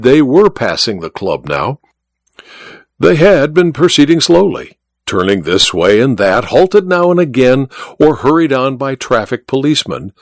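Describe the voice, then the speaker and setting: Expressive male storyteller, dry close sound. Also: mid-range voice, no echo. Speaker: narrator. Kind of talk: scripted narration of a classic story.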